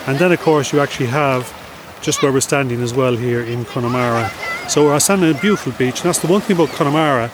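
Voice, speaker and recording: A man's voice: medium pitch, fast, noisy background. A man talks easily through a travel chat, speaking straight to his listeners. He is recorded outdoors on a beach, and his delivery stays loose and conversational. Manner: chatty, addresses listeners as folks. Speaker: travel show co-host.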